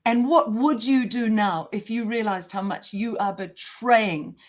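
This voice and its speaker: A woman's voice: on the high side, a little slow. Impassioned woman. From New Zealand. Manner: emphatic, emotional, indignant. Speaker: interview guest. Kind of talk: impassioned interview talk.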